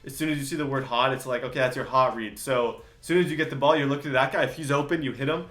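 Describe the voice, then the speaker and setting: A man's voice: mid-range voice, steady tone, quick pace, fairly bright tone, roomy sound. A young man giving a casual, rambling vlog commentary with lots of fillers. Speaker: YouTuber.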